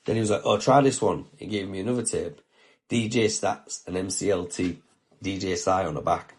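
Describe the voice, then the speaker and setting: A man's voice: low voice, steady tone, a little fast, darkish tone. A man, a podcast host telling a story casually, with heavy swearing and slang and heartfelt talk.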